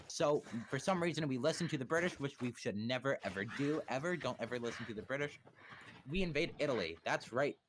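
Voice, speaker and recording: A man's voice: medium pitch, animated, a little fast, background noise. A young man casually explaining history on a livestream, swearing and cracking crude jokes. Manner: crude, joking, profane.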